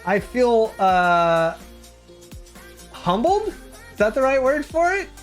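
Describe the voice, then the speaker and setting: Slow, lively-voiced male game streamer. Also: soft background music. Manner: rambling, hesitant, bursts into excited high-pitched reactions. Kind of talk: live gameplay stream chat.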